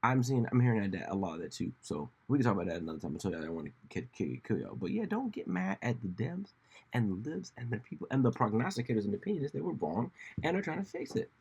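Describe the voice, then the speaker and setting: A man hosting a casual solo commentary show, rambling and animated, often slipping into mocking voices when he quotes people. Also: lowish voice, fast, husky. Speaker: podcast host.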